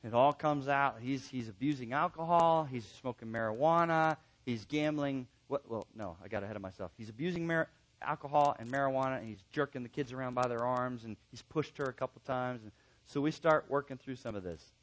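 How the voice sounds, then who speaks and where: A man teaching a class of counselors in an animated way, repeating key points for emphasis and acting out quoted remarks. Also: mid-range voice, a little fast. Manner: emphatic repetition. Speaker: counseling instructor.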